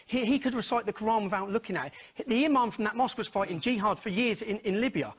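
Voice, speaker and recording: A man argues hard as a guest in a live TV studio, his voice pitched high and his words tumbling out fast. He is insistent, talks over the other man and keeps demanding to finish. The tone is a little husky. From Luton, England. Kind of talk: heated live TV debate.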